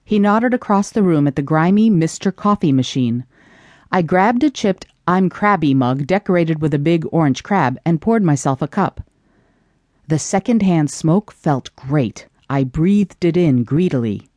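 A woman narrating a first-person audiobook in an expressive, animated reading. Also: low voice, measured pace, no room sound.

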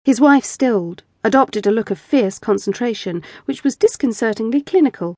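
A woman narrating erotic fiction with a measured, intimate reading on a close studio mic. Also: on the high side, lively intonation, a little mellow, no room sound. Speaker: audiobook narrator.

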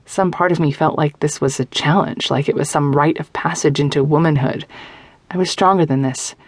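A woman narrating a young-adult novel in first person, close to a studio microphone, with measured, tense, intimate storytelling. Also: sits low, husky, no echo. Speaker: audiobook narrator.

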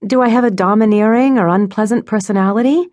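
A woman's voice: medium pitch, fast, darkish tone, no echo, pitched above the performer's own voice, natural voice. A woman voicing an anxious young woman who sells jewelry, earnest and putting on forced cheer, in an audiobook.

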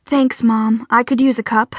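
A woman's voice: fairly high pitch, flat delivery, moderate pace, no room sound, close to an everyday voice. A woman narrator voicing a determined young mother with a wry edge.

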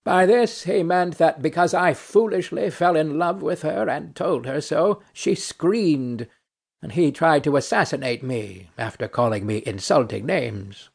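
A man's voice: fairly high pitch, measured pace, gravelly, slightly rough, heavily acted. A man reading a play aloud, voicing a weary, ironic nobleman who speaks in a dry, mocking, philosophical way. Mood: weary, brooding. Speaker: audiobook narrator.

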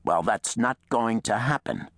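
A man voicing an indignant old male professor who argues forcefully and emphatically, in an audiobook. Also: lowish voice, very animated, moderate pace, dry recording, clean studio sound. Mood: furious.

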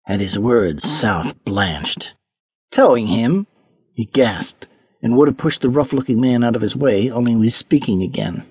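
A man reading a historical mystery audiobook in measured, dramatic narration on a close microphone. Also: mid-range voice, animated, a little mellow, breathy edge, no echo. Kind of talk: scripted narration.

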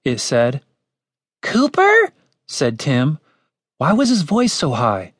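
Lively male audiobook narrator. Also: medium pitch, takes it slowly, no room sound. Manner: lively storytelling. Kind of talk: scripted comic fantasy narration. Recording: dry studio recording.

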